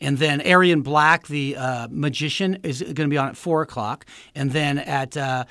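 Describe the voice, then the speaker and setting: A man's voice: a little high, moderate pace, no echo. A man from Northern California, a comedian and impressionist, chatting in a radio studio interview and slipping into impressions. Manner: lively, slips into impressions.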